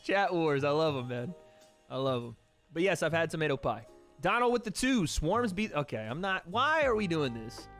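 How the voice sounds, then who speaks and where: A man's voice: on the high side, very animated, moderate pace, a bit bright, faint music behind. A young man from the American South chatting casually on a livestream, reading donations and trailing off with laughs. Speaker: streamer hosting a watch party.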